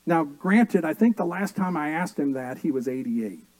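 A middle-aged male pastor preaching from the pulpit, slipping into homely stories with a dry wit. His voice sits a bit high for a man yet sounds dark and mellow. The sound is close and dry, with no room echo. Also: animated, moderate pace. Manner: storytelling with dry humor. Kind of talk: sermon.

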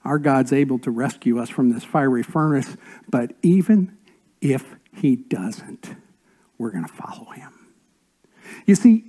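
Man preaching, warm voice, big dynamic swings. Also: a little high. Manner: swings between raised emphatic lines and soft whispered asides. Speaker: pastor. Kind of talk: sermon.

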